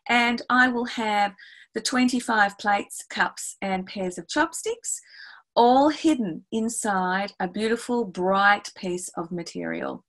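Lively woman music teacher giving a webinar. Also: mid-range voice, slow, low-quality recording. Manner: lively, explains step by step, acts out classroom exchanges. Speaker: music educator presenting a webinar.

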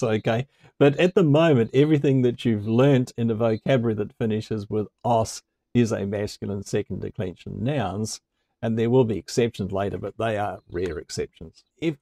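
Man, mellow voice, dry close sound, relaxed conversational teacher, chuckles while explaining. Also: lowish voice, dry recording. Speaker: language teacher. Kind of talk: explanatory video lesson.

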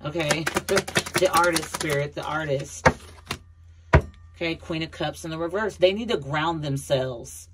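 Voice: medium pitch, measured pace, long pauses, heavy background noise. An adult tarot reader giving a casual, blunt reading to viewers, repeating points and talking to them as a collective. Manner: chatty, repeats herself, addresses viewers as a collective; blunt, occasional swearing.

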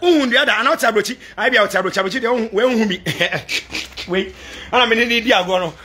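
A Ghanaian man delivering a fiery vlog rant to supporters, switching between Twi and English and breaking into shouts. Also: high-pitched, quick pace, a little hiss or hum. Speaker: political commentator addressing supporters abroad.

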